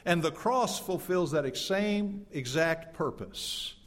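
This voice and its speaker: Emphatic preacher in a reverberant hall. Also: male voice, fairly high pitch, animated, takes it slowly. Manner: dynamic, swings from loud emphatic to quiet and hushed; addresses congregation directly, rhetorical questions. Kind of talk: sermon. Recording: long reverb of a church hall.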